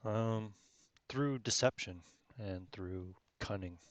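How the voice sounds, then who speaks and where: A man voicing a calm, formal underground-dwelling envoy in a tabletop role-play game. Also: lowish voice, no echo, dull audio. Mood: explanatory. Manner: measured, formal, explanatory.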